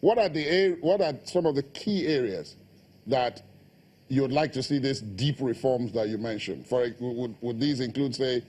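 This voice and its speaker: A man hosting a TV studio interview, stammering and halting with many fillers. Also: mid-range voice, darkish tone. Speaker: TV host.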